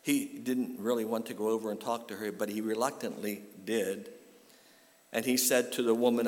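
A man's voice: fairly low pitch, fairly even intonation, moderate pace, darkish tone. A male pastor delivering a sermon, telling a story and then rising to a fervent call-and-response with his congregation. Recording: long hall reverb.

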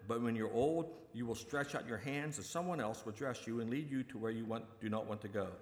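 A preacher voicing Jesus as a calm, gentle teacher who speaks earnestly during a sermon. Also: male voice, mid-range voice, brisk, reverberant, long reverb tail, lightly acted.

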